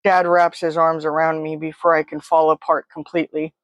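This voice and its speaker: A woman's voice: sits low, level tone, fairly quick, no echo, dull audio. A woman telling a first-person story in a vivid, present-tense, close way. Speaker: narrator.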